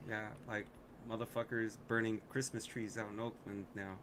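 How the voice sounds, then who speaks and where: A man's voice: fairly low pitch, flat delivery, normal speed, fairly bright tone. A middle-aged man co-hosting a casual podcast chat, swearing a lot and ranting with frequent laughs. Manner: profane, ranting, laughs often. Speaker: podcast co-host.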